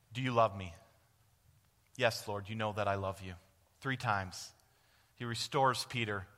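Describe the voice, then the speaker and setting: A man's voice: mid-range voice, sharp tone, long reverb tail. A man preaching a sermon as a guest speaker at a church, earnest, putting questions to the congregation and answering them himself. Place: church sanctuary.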